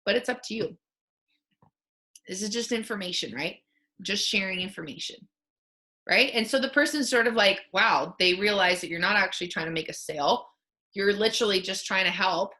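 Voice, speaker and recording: A woman with a bright, forceful voice speaks over a video call. She coaches her team in a candid, emotional storytelling way, full of fillers and asides. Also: medium pitch, normal speed.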